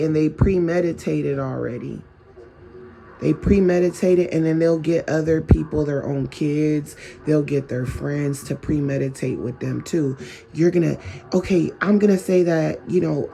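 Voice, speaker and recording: A man speaks in a casual advice monologue, the kind a vlogger records for his viewers. His voice sits a little high for a man, with a mellow, dark tone and plenty of gravelly fry. He keeps it chatty and keeps asking the listener rhetorical questions. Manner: conversational, full of rhetorical questions.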